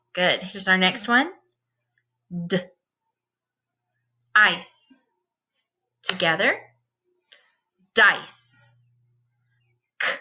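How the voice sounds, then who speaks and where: A woman teacher guides young children through phonics, sounding out every word at a very slow, careful pace. Her voice is bright and clear, though the recording itself sounds a little dull and lo-fi. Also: mid-range voice.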